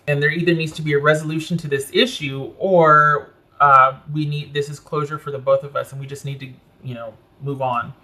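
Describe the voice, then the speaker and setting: A man's voice: fairly high pitch, steady tone, brisk, pushed and bright. A man giving a casual tarot reading, thinking aloud as he turns cards and correcting himself as he goes. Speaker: tarot reader.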